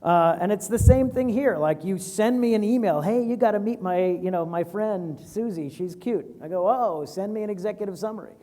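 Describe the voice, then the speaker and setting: A man's voice: high-pitched, moderate pace, few pauses, mellow, long reverb tail. A man in his forties, a venture capitalist giving casual advice in a fireside chat and acting out quoted voices.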